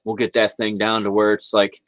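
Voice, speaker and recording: His lowish, slightly bright voice stays completely flat as he talks fairly fast, a vlogger rambling casually about spirituality on a home livestream and laughing frequently. There's no room sound, and the recording is rough.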